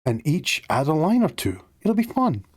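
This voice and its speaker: A man's voice: a little high, wildly swooping pitch, normal speed, no room sound, voice pushed up. A man doing Belle, a cheerful young woman.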